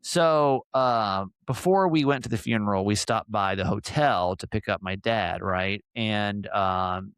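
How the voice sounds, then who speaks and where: A man's voice: fairly low pitch, unhurried, hardly any pauses, fairly bright tone, clear, resonant tone, no room sound. A man in his forties hosting a podcast, telling a rambling story with lots of fillers and acting out what people said. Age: 40s. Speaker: podcast host. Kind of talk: casual storytelling chat.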